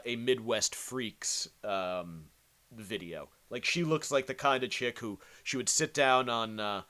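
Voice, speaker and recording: Guy hosting a podcast, foul-mouthed, rambly, tons of uhs and restarts, middle pitch. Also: fairly bright tone. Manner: profane, rambling, many fillers and restarts. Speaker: podcast host. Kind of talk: crude comedic commentary on video clips.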